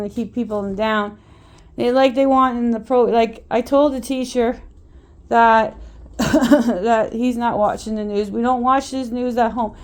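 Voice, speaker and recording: A woman talks straight to her phone at home in a loose vlog monologue. Her voice sits a little high, and she rambles with feeling, often doubling back to repeat a word. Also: darkish tone. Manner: rambling and impassioned, repeats words. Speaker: vlogger and mother.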